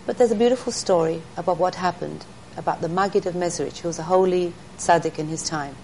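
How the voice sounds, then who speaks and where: A middle-aged woman recounts stories in an earnest, teaching way, and she briefly acts out the people in them. Her voice sits somewhat low. A faint hum of ambience runs underneath. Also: fast, a little mellow, rough recording. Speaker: interview guest, speaker to women. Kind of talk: storytelling in an interview.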